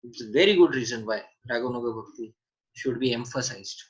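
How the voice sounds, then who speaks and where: A man's voice: medium pitch, brisk, a bit bright, highs cut off. A man teaching a scripture seminar online, answering questions and repeating key points with emphasis.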